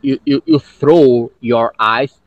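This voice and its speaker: A man's voice: mid-range voice, huge pitch swings, takes it slowly, creaky, no echo, highs cut off. A man whose first language is Portuguese, chatting casually in English on a video call, explaining pronunciation and laughing often. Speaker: English learner.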